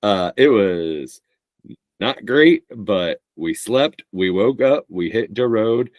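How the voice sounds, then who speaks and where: A man's voice: lowish voice, expressive, slow pace, dry recording. A man co-hosting a podcast in playful, rambling casual chat, laughing often. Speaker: podcast co-host.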